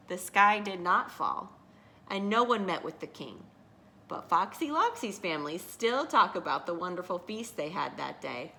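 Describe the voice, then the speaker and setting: A woman reading a picture book aloud to children, expressive and teacherly, pausing to ask her listeners questions. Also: on the low side.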